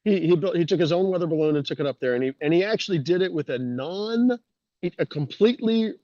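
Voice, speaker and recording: A man's voice: a little high, animated, quick pace, dark tone, no echo. A man chatting as a guest on a casual talk show, easygoing with hesitant fillers. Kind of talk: casual podcast chat. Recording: dull lo-fi dry mic.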